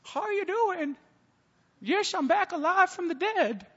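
A man voicing a frail old great-grandmother back from the dead, in a high, quivering old-lady voice. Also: expressive, unhurried, bright, forceful tone, exaggerated voice. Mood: cheery. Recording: muffled sound with long hall reverb.

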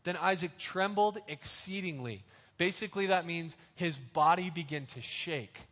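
A man with a somewhat high voice delivers a sermon, unpacking scripture in easygoing, plain language and slowing down to make his points land. His voice carries a long hall echo, and the recording sounds dull and lo-fi. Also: a bit bright. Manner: conversational, explains scripture in plain words. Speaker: preacher.

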